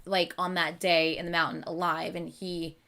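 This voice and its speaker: A woman's voice: lowish voice, normal speed, gravelly. A woman hosting a casual live reading at home, chatting and thinking aloud about the story. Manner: animated, chatty, thinking aloud with many okays. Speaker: host reading and reacting. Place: at home at night.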